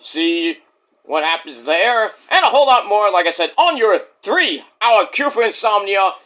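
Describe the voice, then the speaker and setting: Man, casual wrestling reviewer, profane, jokey, animated, bright voice. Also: sits high, a little slow.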